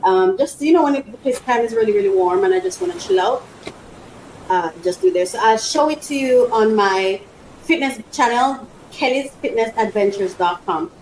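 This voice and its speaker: A woman's voice: fairly high pitch, expressive, moderate pace, a little mellow, a little hiss or hum, rough recording. A woman hosting her own podcast, chatting casually and bubbly as she unboxes a product, laughing often. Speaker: podcast host.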